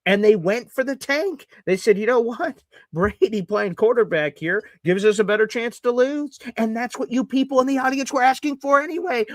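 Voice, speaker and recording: Sarcastic, ranting sports host, man, high-pitched, dry booth sound. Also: animated, normal speed, no echo. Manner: ranting and sarcastic, mocking fans in put-on voices. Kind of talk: live sports reaction talk.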